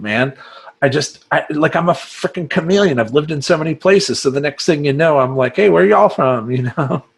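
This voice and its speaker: A man speaking as a life coach in a casual monologue to camera, rambling and profane, laughing often and slipping into mock voices. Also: mid-range voice.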